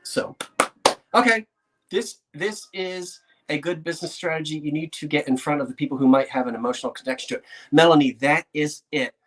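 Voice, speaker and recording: Antiques dealer, male, excitable vlogger, chatty and prone to laughing. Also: fairly high pitch, brisk. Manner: chatty, excitable, laughs often, talks to himself. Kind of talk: casual vlog talk to viewers.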